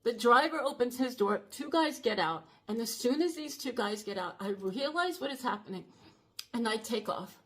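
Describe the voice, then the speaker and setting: A woman's voice: on the high side, expressive, normal speed. A woman around sixty telling a personal story to camera in an earnest, urgent way, shaken and emotional, often stopping and restarting her sentences. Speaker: channel host.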